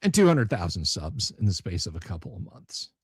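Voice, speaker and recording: A man's voice: low voice, very animated, fairly quick, breathy edge, dry recording, studio quality. A man hosting a casual livestream chat for his tabletop gaming channel, blunt, sarcastic and profane.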